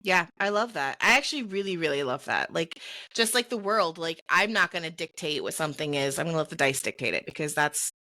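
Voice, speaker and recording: A woman with a low, expressive voice and a sharp tone co-hosts a casual live-streamed podcast, talking a little fast with no echo. She's chatty and enthusiastic, leaning hard on "like," and English isn't her first language.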